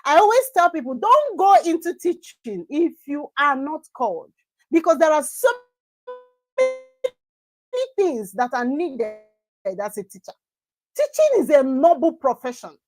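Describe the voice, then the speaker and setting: High-voiced woman preaching about parenting. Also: sing-song, unhurried, long pauses, rough recording. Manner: emphatic, repeats phrases for stress. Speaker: conference speaker on parenting. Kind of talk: preaching-style motivational talk.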